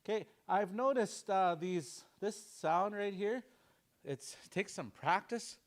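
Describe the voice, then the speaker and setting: A man leads a language lesson with a somewhat high voice. He explains slowly and repeats each sound aloud so the class can practice. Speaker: language teacher.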